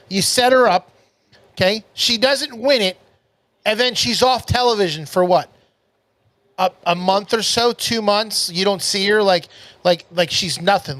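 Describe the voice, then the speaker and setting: A man's voice: high voice, a bit bright, no echo. A man co-hosting a casual wrestling review podcast, arguing his point and teasing the others. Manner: argumentative, interrupts and teases. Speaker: podcast co-host.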